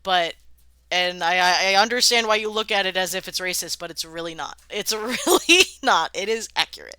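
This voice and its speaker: A woman's voice: mid-range voice, expressive, normal speed, pushed and bright, clean tone, no room sound. A woman streaming live, chatting casually and swearing freely as she worldbuilds and sounds out words, laughing often.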